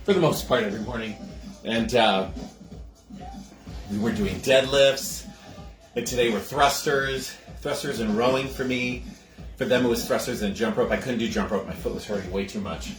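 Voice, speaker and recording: A man's voice: mid-range voice, moderate pace, pauses often, reverberant, soft background music. A man hosting a casual livestream cocktail show from his home kitchen, chatting with viewers, greeting them by name and laughing often.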